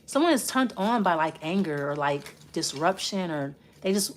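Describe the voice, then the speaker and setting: A woman's voice: fairly low pitch, lively intonation, moderate pace, slight background noise. A woman giving a casual spoken tarot reading, blunt and profane, rambling and restarting as she talks straight to the listener. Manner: rambling, with many restarts while reading cards. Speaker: tarot reader.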